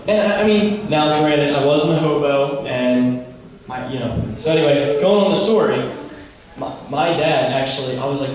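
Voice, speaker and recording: A young man with a mid-range voice, speaking at normal speed, tells a rambling, animated story to a youth group in a large room, acting out the dialogue for the teens. The recording is very echoey and distant, with a little hiss or hum.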